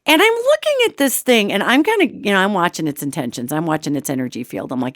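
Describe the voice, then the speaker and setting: A woman host telling an animated story in a casual, expressive way, acting out quotes. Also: fairly low pitch, fast, few pauses, no room sound, clean studio sound. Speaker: radio show host.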